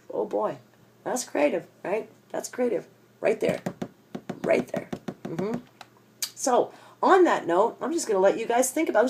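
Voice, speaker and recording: A woman delivering a comedic rant straight to her viewers, in a sarcastic and exasperated tone. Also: fairly high pitch. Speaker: vlogger ranting to camera.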